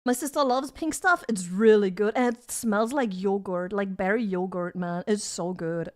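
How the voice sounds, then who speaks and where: A woman's voice: mid-range voice, normal speed, a little mellow. A young woman streaming from her home desk, chatting casually and giggling as she reads her chat aloud. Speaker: vtuber streamer.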